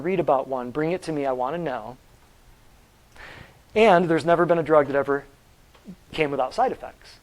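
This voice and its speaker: A man teaching a natural health class, lecturing in an animated, preachy way and firing rhetorical questions at his students. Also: fairly high pitch, poor audio.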